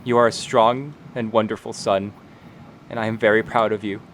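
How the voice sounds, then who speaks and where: A man voicing a gentle, protective mother in a tabletop game who speaks softly and comfortingly. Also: lowish voice, flat delivery, normal speed, a little hiss or hum, lightly acted. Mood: tender. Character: tender loving mother, woman, gentle and protective.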